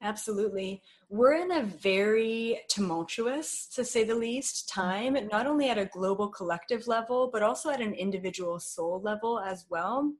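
A woman's voice: mid-range voice, expressive, normal speed, few pauses. A woman guest in an interview, talking in an earnest, flowing way with many fillers. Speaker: spiritual guest. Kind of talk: spiritual interview talk.

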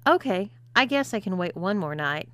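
A woman doing a pushy grown man who grumbles and gives in reluctantly. He talks bluntly, with a bright edge to the tone of the woman reading him. It stays close to the reader's own voice, like an audiobook. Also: medium pitch, big pitch swings, normal speed, no echo. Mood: grudging. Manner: blunt and grudging.

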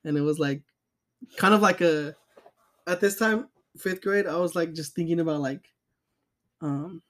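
A man's voice: fairly high pitch, unhurried, fairly bright tone. A young man co-hosting a podcast, telling stories in a loose, profane way, full of fillers and laughter. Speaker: podcast co-host. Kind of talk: casual chat.

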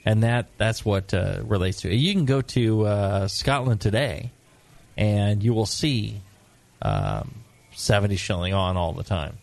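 A middle-aged American man co-hosting a casual brewing talk show, joking and lively, sometimes putting on gruff voices. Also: fairly low pitch, unhurried. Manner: animated, joking, mock-gruff put-on voices. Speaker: podcast co-host, brewing expert. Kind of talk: casual chat.

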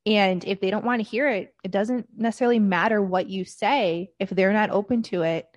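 A woman talking casually as a podcast guest, easygoing and chatty. Her pitch is an ordinary middle. The sound is dry and close, with no room around it. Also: dry recording. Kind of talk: casual conversation.

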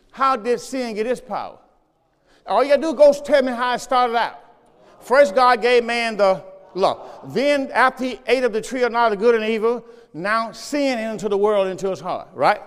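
A male pastor with a high, bright voice preaches a sermon at a moderate pace, hammering each point through repetition and drawing the congregation into call and response. A long reverb from the church sanctuary trails his words.

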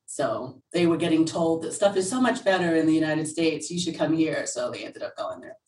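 A woman's voice: deep voice, animated, fairly quick, darkish tone, distant mic, a little hiss or hum. A woman chatting candidly as an interview guest, telling stories animatedly and laughing often. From England. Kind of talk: casual interview chat. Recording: roomy sound from away from the mic.

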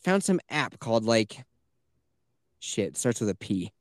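A man's voice: mid-range voice, very animated, a little slow, no room sound, clean studio sound. A man hosting a podcast, telling stories in a chatty, swearing way from a small closet. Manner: chatty storyteller, swears freely. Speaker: podcast host. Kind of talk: casual chat.

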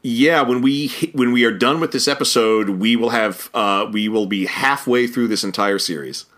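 A man co-hosting a casual podcast about an old cartoon series, lively and chuckling, often stumbling over names. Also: medium pitch, moderate pace. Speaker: podcast co-host.

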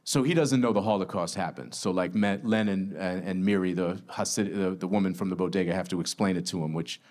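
A male author in a casual book talk. He summarizes his novel in a lively, self-deprecating way. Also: low voice, brisk.

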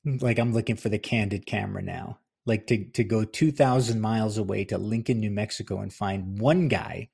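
A middle-aged man hosting a podcast, his voice low and gravelly with a husky edge. He tells a story in a casual, rambling way, correcting himself as he goes. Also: steady tone, moderate pace, darkish tone. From New Jersey. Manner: conversational, rambling, with fillers and self-corrections. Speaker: podcast host and author.

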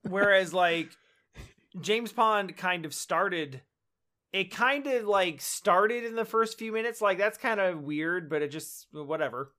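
A man's voice: high-pitched, measured pace, bright, forceful tone. A man co-hosting a casual retro gaming podcast, making wry, dry remarks. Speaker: podcast co-host. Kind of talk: casual chat about retro games.

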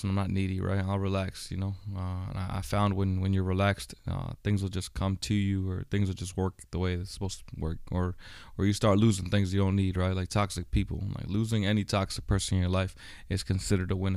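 A man's voice: deep voice, gravelly, darkish tone, smooth, no room sound, studio quality. A man hosting a personal podcast monologue, talking bluntly with heavy swearing, many fillers and a recurring "right?". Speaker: podcast host. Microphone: studio microphone.

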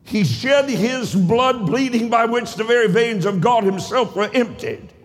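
A male pastor preaching a sermon in a rhythmic, cadenced style that swells into shouts. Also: extremely high pitch, unhurried, long reverb tail, faint music behind. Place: church sanctuary.

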